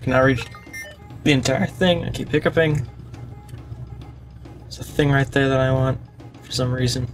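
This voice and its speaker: A man's voice: mid-range voice, fairly even intonation, normal speed, pauses often, faint music behind. A man giving casual let's-play commentary, chatting to himself as he plays. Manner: chatty, talking to himself while playing. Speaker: gaming channel host.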